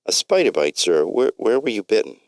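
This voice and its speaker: A man's voice: lowish voice, very animated, a little fast, a little mellow, no room sound, voice pushed up. A man voicing a formal, polite female phone agent in a read-aloud story. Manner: formal, questioning.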